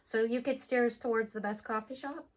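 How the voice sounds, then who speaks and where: Woman host, curious and playful, slightly high voice. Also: steady tone, fairly quick. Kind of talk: casual interview chat.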